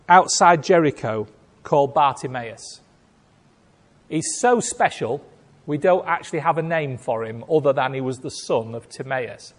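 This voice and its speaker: Man, sermon, slow deliberate delivery, slightly high voice, long reverb. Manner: dramatic storytelling, acts out voices, swings from loud to hushed. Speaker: preacher.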